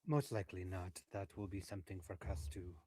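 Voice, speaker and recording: A man playing a tabletop role-playing game, speaking in a measured, formal way. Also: sits low, fairly even intonation, mellow. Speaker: player.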